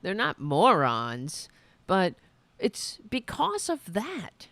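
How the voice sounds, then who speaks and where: A blunt, sarcastic woman with a New York accent hosts a commentary podcast. She talks at an unhurried pace, her pitch swooping widely between high and low, and her voice sounds close and dry with no room echo. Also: huge pitch swings, a bit bright. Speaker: podcast host. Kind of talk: opinionated commentary on clips.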